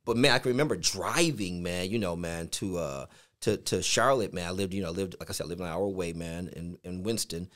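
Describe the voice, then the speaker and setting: A man's voice: sits low, brisk. A middle-aged man co-hosting a casual faith podcast, telling a personal story and saying "man" in nearly every phrase. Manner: says "man" constantly, animated storytelling. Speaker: podcast co-host, pastor.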